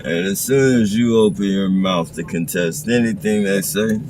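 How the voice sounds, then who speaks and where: Man, very low voice, agitated profane ranter streaming from a noisy car. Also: normal speed. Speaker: live streamer. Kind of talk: ranting live stream from a car.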